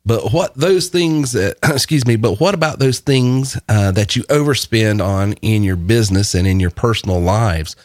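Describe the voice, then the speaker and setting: A man's voice: lowish voice, moderate pace, few pauses, dry recording, studio quality. A man hosting a podcast in casual chat, rambling and laughing often. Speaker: podcast host.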